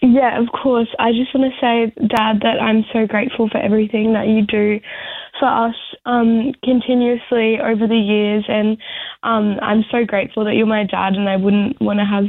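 A woman's voice: fairly high pitch, level tone, moderate pace, phone-quality sound. A young woman chatting as a radio guest, giggly and full of "like" fillers. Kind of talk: casual chat.

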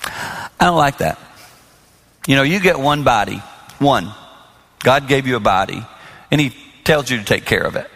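A man's voice: medium pitch, moderate pace, pauses often. A man in his sixties preaching on marriage to a large audience, telling stories and acting out the dialogue. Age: 60s. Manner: animated storyteller acting out dialogue. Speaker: pastor. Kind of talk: sermon on marriage. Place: large hall before an audience. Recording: long hall reverb.

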